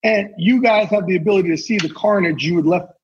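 In a high-pitched, fast voice, a man who works as a sportswriter and NFL insider talks as a podcast guest. He's intense, earnest, and salty-mouthed in this casual exchange, and the dull lo-fi recording carries a little hiss or hum.

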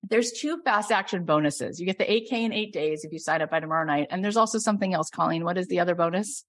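Middle-aged woman coach, effusive sales pitch, builds to loud emphasis. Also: quick pace. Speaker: coach and program host.

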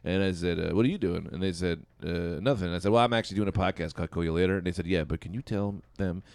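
A man's voice: low-pitched, fairly even intonation, quick pace, darkish tone, clear, resonant tone, no room sound. A man co-hosting a casual comedy podcast, cracking crude jokes and laughing often. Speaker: podcast co-host.

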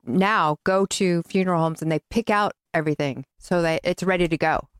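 A woman's voice: fairly low pitch, moderate pace, clean tone, dry recording, clean studio sound. A woman co-hosting a podcast, chatting in an easygoing way. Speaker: podcast co-host. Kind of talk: casual chat.

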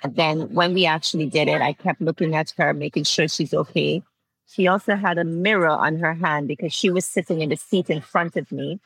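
A woman's voice: low voice, a little fast, vocal fry, husky, dry recording, rough recording. A woman in her forties from Antigua, telling a personal story as an interview guest in a heartfelt way, laughing through tears and restarting phrases. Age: 40s.

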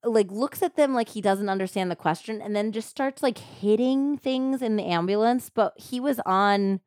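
A woman hosting a true crime podcast, retelling a case in a casual, animated way with lots of "like" fillers. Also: mid-range voice, normal speed, no echo, studio quality. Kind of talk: casual storytelling chat.

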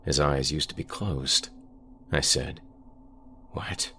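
Male horror-podcast narrator, very low and gravelly, slow and ominous. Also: flat delivery, sharp tone, slight background noise.

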